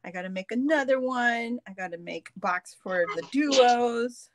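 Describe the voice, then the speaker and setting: A woman's voice: a little high, unhurried, a little hiss or hum. Laughing New York Puerto Rican woman. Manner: laughs often, animated and teasing. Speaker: co-host of a live crafting stream. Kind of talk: casual chat.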